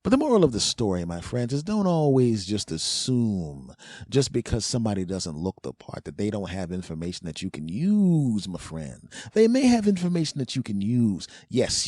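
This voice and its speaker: A man's voice: on the low side, a little mellow, no echo, studio quality. A man hosting a podcast, rambling through a comic story and acting out the quotes in exaggerated voices. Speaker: podcast host. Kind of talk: comedic storytelling monologue.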